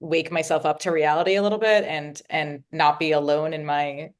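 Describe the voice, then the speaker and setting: A woman's voice: sits low, fairly even intonation, moderate pace. A woman interview guest speaking reflectively and openly about her feelings in conversation. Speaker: guest, nonprofit CEO.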